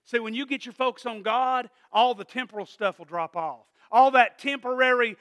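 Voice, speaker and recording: A man preaching a sermon in a church, asking "Amen?" again and again and swinging from quiet asides to loud emphatic peaks. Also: extremely high pitch, moderate pace, few pauses, no echo, clean studio sound. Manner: call-and-response preaching, repeated "Amen?". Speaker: pastor.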